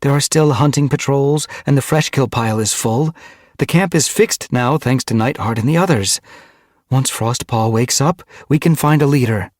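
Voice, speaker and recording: A man's voice: normal speed, gravelly, darkish tone, slightly rough, no echo, clean studio sound, full character voice. Mothwing, a man voicing a stubborn she-cat healer. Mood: defiant. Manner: raised pitch for a she-cat, earnest and pleading. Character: worried female medicine cat, stubborn and loyal.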